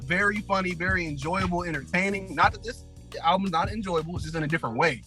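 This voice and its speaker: A man's voice: high-pitched, fast, bright, forceful tone, faint music behind. A man co-hosting a podcast in casual chat, loose and full of fillers. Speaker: podcast co-host.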